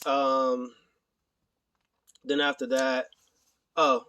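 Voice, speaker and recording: A young man recapping a wrestling show in a casual, rambling way, full of fillers and quick asides. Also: medium pitch, a little hiss or hum. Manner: animated retelling with put-on quoted voices.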